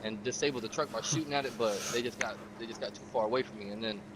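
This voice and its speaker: A man's voice: mid-range voice, rapid-fire, background noise. A man casually recounting a game session, profane and streetwise, acting out the quotes of other players. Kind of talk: casual storytelling.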